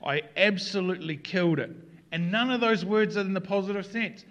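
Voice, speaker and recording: A man preaching a sermon in an earnest way, moving between quiet reflection and animated emphasis. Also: sits high, fairly quick, lo-fi sound. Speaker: pastor.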